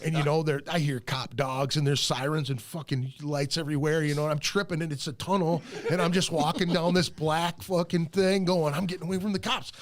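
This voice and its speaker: A man's voice: fairly high pitch, steady tone, fairly quick, few pauses. A man hosting a podcast, telling long, profane, rambling stories in a casual chat. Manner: profane, rambling anecdotes with acted-out quotes. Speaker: podcast host.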